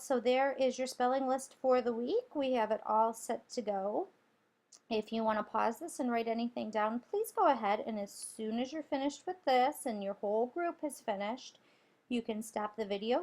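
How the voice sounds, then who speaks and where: A woman's voice: a little high, a little mellow. A woman teacher guiding children through a spelling lesson, patiently sounding out letters and syllables.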